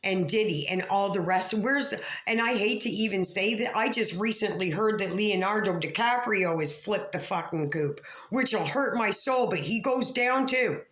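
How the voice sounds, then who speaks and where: A woman vlogger in a rambling, profane rant that calls out other creators. She stammers and restarts, and she swings from low mutters to sharp outbursts. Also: moderate pace, few pauses. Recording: echoey room.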